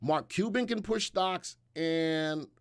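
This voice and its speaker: A man's voice: a little high, slow pace, clear, resonant tone, no echo, clean studio sound. Chatty man hosting a stock livestream. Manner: chatty, rambling with fillers and asides. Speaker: livestream host. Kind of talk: casual market commentary.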